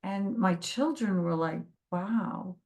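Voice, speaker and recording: A woman's voice: medium pitch, slow. A woman telling her own life story in an interview, earnest, quoting others as she goes. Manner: earnest, quotes others in lively voices. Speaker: guest. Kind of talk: emotional personal storytelling.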